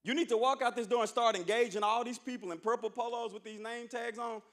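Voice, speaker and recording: Brief: high-pitched man, university speaker, punchy motivational crowd-rousing delivery. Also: steady tone, fast talker, fairly bright tone. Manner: preacher-like, emphatic, calls for audience response. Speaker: university administrator speaking at orientation. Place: large auditorium.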